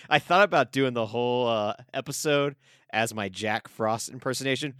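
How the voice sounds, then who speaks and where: A man's voice: medium pitch, measured pace, a bit bright, clean tone, no echo, studio quality. A man co-hosting a casual movie podcast, rambling with many fillers. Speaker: podcast co-host. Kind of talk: casual movie review chat.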